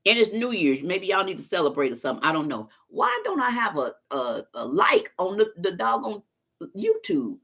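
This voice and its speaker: A woman's voice: fairly low pitch, big pitch swings, moderate pace, a bit bright, slightly rough. A woman chatting casually to viewers on a live stream, telling stories in a folksy, talkative way. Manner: chatty storyteller, talks straight to viewers, folksy phrasing. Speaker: vlogger doing a live stream.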